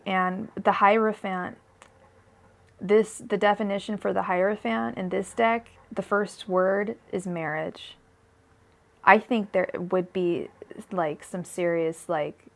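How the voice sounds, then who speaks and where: A woman's voice: medium pitch, creaky. A young woman giving a live-streamed tarot reading, rambling and emotional, with many fillers and restarts. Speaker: tarot reader.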